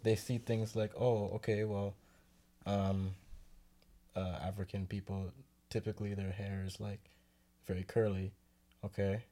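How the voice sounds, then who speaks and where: A man's voice: fairly low pitch, flat delivery, unhurried, long pauses, dark tone. A young man in casual chat, laid-back, explaining his points at length with many fillers.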